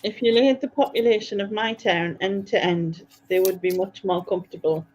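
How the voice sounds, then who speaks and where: A woman's voice: medium pitch, normal speed, darkish tone, a little hiss or hum. A woman, chatting casually with friends and often restarting her sentences. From North East England. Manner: chatty, loose with frequent restarts and laughter. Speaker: chat participant. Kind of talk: casual chat among friends. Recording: slightly dull, muffled sound.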